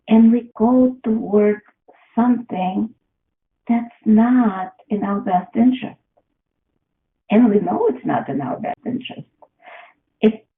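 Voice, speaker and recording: A woman giving a reflective motivational talk, posing question after question to the listener. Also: mid-range voice. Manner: asks many rhetorical questions. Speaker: self-help speaker. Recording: tinny phone-like line in an echoey room.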